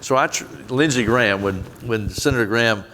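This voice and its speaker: A man with a Southern US accent, answering questions earnestly in a public onstage conversation, with folksy, quick quoted asides. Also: medium pitch, pushed and bright, slight background noise. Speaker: guest, head of an aid agency.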